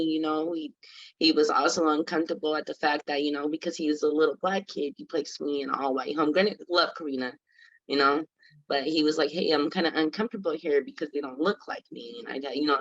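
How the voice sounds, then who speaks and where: A woman's voice: low-pitched, dry recording, muffled recording. A young woman from Colorado, a guest telling her own story in an earnest, casual way, full of "like" and "you know". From Colorado, USA. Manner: earnest, conversational, many "like" and "you know" fillers. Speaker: guest, former foster youth.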